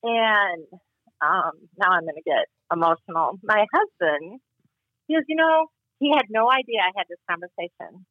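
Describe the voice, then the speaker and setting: A woman telling a personal story in casual conversation, animated and acting out the dialogue as she goes. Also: medium pitch, normal speed, no room sound, phone-quality sound. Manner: animated, acts out quoted dialogue. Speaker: guest.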